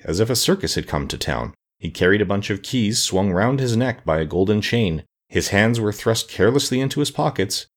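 Guy reading a storybook out loud, low voice that moves around a lot. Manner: expressive, voices the characters. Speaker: narrator.

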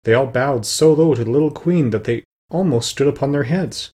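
A man reading a storybook aloud as narrator, steady and plain, with the odd small slip. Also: mid-range voice, normal speed, husky. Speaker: audiobook narrator.

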